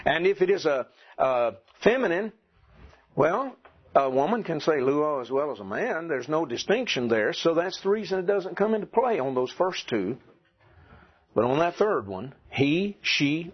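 A Southern American man lecturing a class, deliberately drilling and repeating pronunciations. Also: a little high, slightly rough. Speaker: Greek teacher. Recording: dull lo-fi classroom recording.

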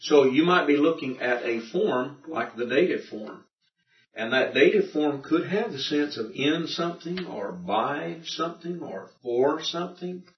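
A man teaching a Greek language class in a folksy, halting lecture style, often repeating himself. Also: a little high, animated. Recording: roomy, distant, muffled classroom recording.

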